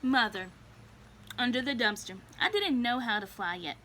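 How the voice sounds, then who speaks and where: A woman's voice: on the high side, animated, moderate pace, sharp tone, a little hiss or hum. A woman voicing Thelma, a young female cat with wings who speaks in a cautious, motherly way. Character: bossy young female winged cat, the careful sister.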